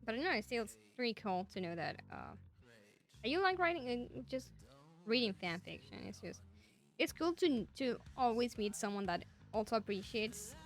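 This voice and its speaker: A woman's voice: on the high side, big pitch swings, normal speed, faint music behind. A young woman with a Spanish accent, a native Spanish speaker, chatting casually and enthusiastically with her stream viewers. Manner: enthusiastic, rambling.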